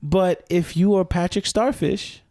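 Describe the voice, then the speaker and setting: A man's voice: high-pitched, measured pace, dark tone, dry recording. Joking man telling stories, very dry sound. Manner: joking, storytelling, keeps asking to finish. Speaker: podcast co-host. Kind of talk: casual chat.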